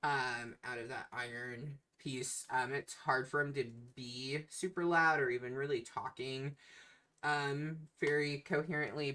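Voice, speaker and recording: A game master narrates a tabletop game slowly, pausing on fillers as the scene unfolds. The voice is bright and forward. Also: medium pitch. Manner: unhurried, many fillers.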